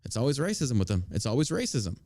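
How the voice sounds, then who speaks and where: A man's voice: mid-range voice, big pitch swings, fast talker, dark tone, no room sound, studio quality. A man hosting a show, delivering profane, combative and mocking political commentary. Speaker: podcast host.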